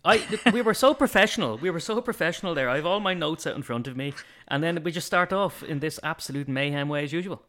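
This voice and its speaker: Fast-talking Irish man, wry. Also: on the high side, lively intonation, pushed and bright. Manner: mock-serious, wry humor. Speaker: podcast co-host. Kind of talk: casual chat.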